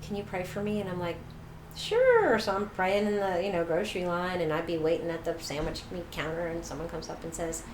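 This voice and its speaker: A middle-aged woman tells her story as an interview guest, jumping up in pitch when she acts out other people's lines. The room sounds echoey, with a faint hiss behind her. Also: level tone, quick pace, few pauses.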